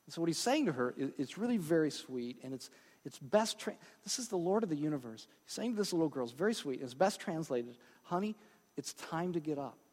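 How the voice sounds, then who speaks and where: A man's voice: on the high side, very animated, fast, a little mellow, long reverb tail. A male pastor preaching a sermon in a conversational way, with frequent asides and check-ins with the congregation.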